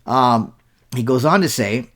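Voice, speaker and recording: A man talks through a rebuttal as the host of his own show. His voice sits in an ordinary middle pitch, and his delivery is insistent and argumentative, circling back to repeat key words for emphasis. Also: animated, a little slow, a bit bright. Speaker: show host and Bible scholar. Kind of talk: rebuttal commentary.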